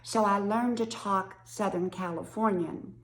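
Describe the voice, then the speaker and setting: A woman's voice: mid-range voice, steady tone, unhurried, fairly bright tone, reverberant. A woman in her sixties from West Virginia with an Appalachian accent, chatting casually to camera in a folksy way and laughing often. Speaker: vlogger.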